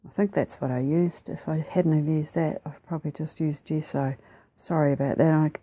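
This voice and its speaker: A woman with a New Zealand accent narrating her craft process over a time-lapse, soft-spoken and relaxed, often slipping into a whisper, a little self-deprecating. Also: deep voice, a little fast, no echo, low-quality recording. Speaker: mixed media artist.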